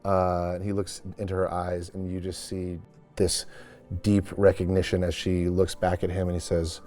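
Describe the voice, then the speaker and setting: Low-voiced man casually narrating a tabletop game. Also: completely flat delivery, normal speed, mellow, soft background music. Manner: casual, rambling, with many restarts. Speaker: game master.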